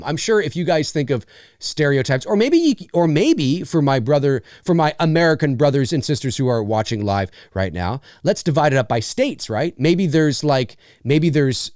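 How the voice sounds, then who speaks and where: Animated man hosting a live chat. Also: on the high side, moderate pace, no room sound, studio quality. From Canada. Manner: animated, breaks into exaggerated mock voices; chatty with many fillers. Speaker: live show host answering questions. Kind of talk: casual live-stream chat.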